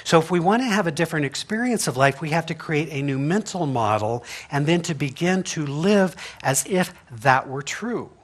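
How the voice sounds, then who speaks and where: Pastor, male, slightly higher voice, folksy humorous sermon delivery with frequent laughs and rhetorical "right?". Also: lively intonation, moderate pace, hardly any pauses. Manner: chatty and humorous, laughs often, asks "right?". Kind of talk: conversational sermon. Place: church sanctuary.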